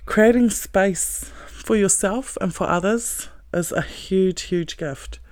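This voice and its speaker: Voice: medium pitch, slow, darkish tone, no room sound, studio quality. A self-help speaker giving a blunt, heavily profane motivational monologue, earnest and emphatic, with short laughs.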